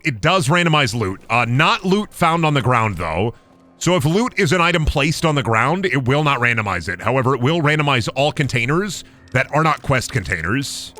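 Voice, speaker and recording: Excitable, swearing male streamer. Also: mid-range voice, dry recording. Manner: profane, laughs a lot, excitable. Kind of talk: casual gameplay commentary.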